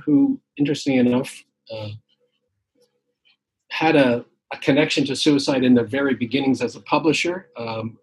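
A man in his sixties recounts his experiences in a relaxed, reflective way. His voice is husky and sits at an ordinary middle pitch, and he pauses often with fillers and restarts. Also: rough recording. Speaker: guest poet. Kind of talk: casual conversation. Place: home, tree shredding outside.

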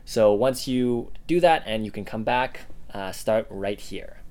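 A man co-hosting a language-learning podcast, giving listeners steady instructions with frequent fillers. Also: lowish voice, unhurried. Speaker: podcast co-host. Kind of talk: casual podcast lesson.

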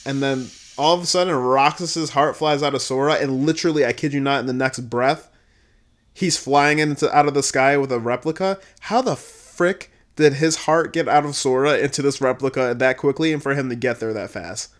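A man giving a casual, profane recap, blunt and exasperated, swinging between low muttering and loud outbursts. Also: normal speed. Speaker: video creator reviewing a game.

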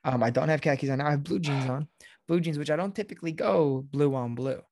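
A man with a gravelly, husky voice banters as podcast co-host. He needles his friend with deadpan sarcasm. The sound is dry and close. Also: on the high side, fast, no echo. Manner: teasing, sarcastic ribbing. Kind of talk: casual banter.

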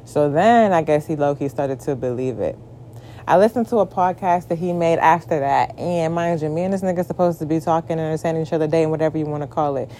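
A young woman, telling a story in a casual rant, profane and exasperated, breaking into shrill mock outbursts. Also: fast talker, warm tone, slight background noise.

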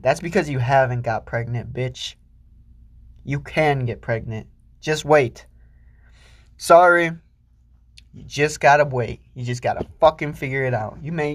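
A young man hosting a solo podcast, ranting crudely and rambling with lots of swearing, swinging between loud outbursts and low mutters. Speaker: podcast host.

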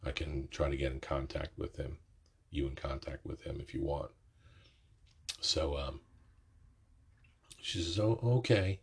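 Middle-aged guy rambling thru an old story, swears a lot, super husky breathy voice, low and monotone. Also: a little slow, pauses often. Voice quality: raspy. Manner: rambling, profane, self-correcting. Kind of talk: casual storytelling.

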